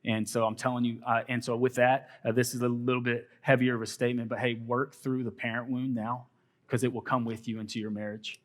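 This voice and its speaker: A man's voice: medium pitch, flat delivery, fairly quick. A man with a Texan accent hosting a church panel, talking earnestly and rambling with fillers. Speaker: panel host, college minister. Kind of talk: casual panel talk.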